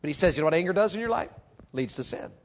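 A man preaching a youth sermon, animated and calling out questions to the crowd, moving from quiet talk to shouting. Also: fairly high pitch, racing.

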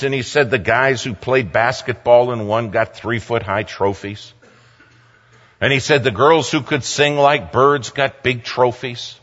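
A man preaching a sermon, swinging from loud exclamations to hushed near-whispers. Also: medium pitch, a little slow. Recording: long hall reverb, slightly dull sound.

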